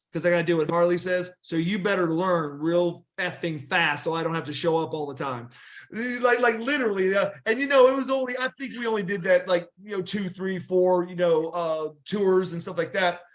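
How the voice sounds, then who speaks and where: A man's voice: sits high, fairly bright tone. A middle-aged man telling rambling wrestling stories in a casual interview, with many restarts and fillers. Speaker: guest wrestler.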